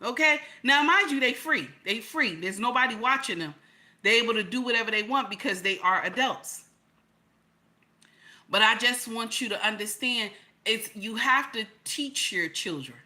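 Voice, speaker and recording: A middle-aged woman talking casually to her viewers, emphatic and repetitive, building to loud peaks. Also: a little high, moderate pace. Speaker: channel host.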